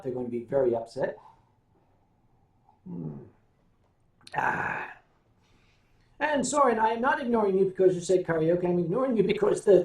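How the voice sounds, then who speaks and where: An older American man hosting a casual livestream, telling stories and answering viewer comments in a wry, unhurried way. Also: high-pitched, darkish tone. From United States. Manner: wry, unhurried storytelling with sips and hums. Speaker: livestream host. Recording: roomy sound, voice a bit off-mic.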